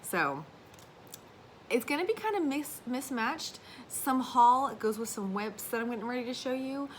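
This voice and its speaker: A woman's voice: a little high, animated, measured pace, slight background noise, poor audio. A woman in her thirties chatting casually to her viewers about her family and her stitching, rambling and laughing as she goes. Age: 30s. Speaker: craft vlogger. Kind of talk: casual chat.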